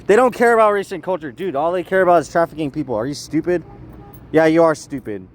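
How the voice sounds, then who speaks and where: A young man ranting in a rambling street vlog, agitated, swinging from loud outbursts to low muttering. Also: quick pace, slight background noise. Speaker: vlogger.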